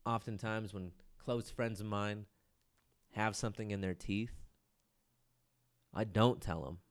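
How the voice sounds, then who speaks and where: A man with a slightly low voice talks through his solo podcast in a loose, rambling way. He pokes fun at himself, swears casually and keeps calling the listener "dude.". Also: fairly even intonation, unhurried. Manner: rambling and self-mocking, swears and says "dude" often. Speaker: podcast host.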